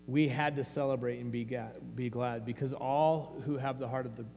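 A man's voice: medium pitch, fairly even intonation, moderate pace, vocal fry, warm tone. A man preaching a sermon as pastor, earnest and conversational, often restarting his phrases. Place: church sanctuary. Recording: long hall reverb, faint mains hum.

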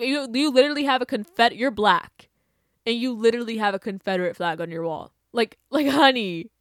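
A woman's voice: a little high, fairly bright tone, no echo, studio quality. A young woman hosting her own show, ranting casually and sarcastically, laughing often and breaking into exaggerated outbursts. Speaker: podcast host. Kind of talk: casual opinion rant.

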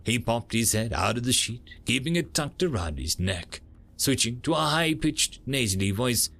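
A man narrating a story in a lively storytelling manner. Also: medium pitch, normal speed, gravelly. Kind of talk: audiobook narration.

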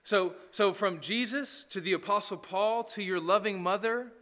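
A man's voice: high voice, normal speed, bright, forceful tone, in a large hall. A man preaching a sermon as pastor, talking conversationally and tossing in frequent "right?" asides. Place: church.

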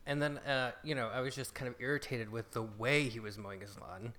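A man's voice: medium pitch, fairly even intonation, moderate pace, sharp tone. A man co-hosting a podcast, telling everyday stories in a casual, wry and exasperated way. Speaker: podcast co-host. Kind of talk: casual chat.

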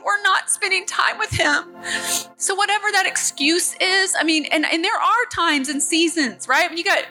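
A woman's voice: very high voice, bright, forceful tone. A woman preaching a sermon as a guest speaker, earnest and at times tearful, speaking straight to her congregation.

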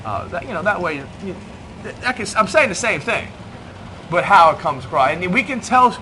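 A man's voice: high-pitched, expressive, normal speed, pushed and bright, a little hiss or hum. A middle-aged man preaching in a church, joking and self-deprecating as he talks to the congregation. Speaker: pastor. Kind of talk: sermon. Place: church hall.

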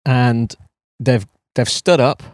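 Wry podcast co-host. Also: male voice, medium pitch, fairly even intonation, slow pace, dry recording, studio quality. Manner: wry, joking storyteller. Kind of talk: casual chat.

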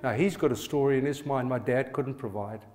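Brief: middle-aged pastor, male, mid-pitched, storytelling sermon that keeps checking in with the congregation. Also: fairly quick, darkish tone. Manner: personal storytelling, asks the audience to respond.

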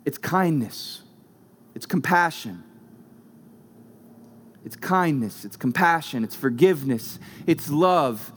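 A male pastor delivering a sermon with a slightly higher voice. He is emphatic, hammering home his points with short repeated phrases. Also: lively intonation, slow pace, pauses often.

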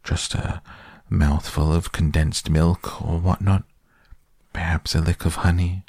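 A man voicing a humble, simple-minded bear who loves honey, speaking softly and dreamily in a deep, gravelly voice. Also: steady tone, unhurried, no room sound, studio quality, heavily acted. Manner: soft, humble, a bit dreamy.

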